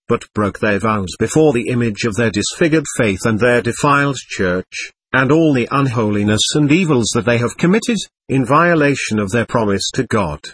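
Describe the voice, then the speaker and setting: Male narrator, husky, dry mic, solemn and measured reading. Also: medium pitch, a bit bright, no room sound. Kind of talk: scripted narration of a visionary text.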